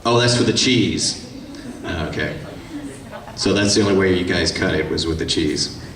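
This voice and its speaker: A man with a fairly low voice talks with lively swings of pitch, telling casual, irreverent stories during a convention Q&A. He sounds distant in a big echoey hall, with the crowd audible around him. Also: normal speed. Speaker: voice actor, panel guest. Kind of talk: joking convention panel Q&A.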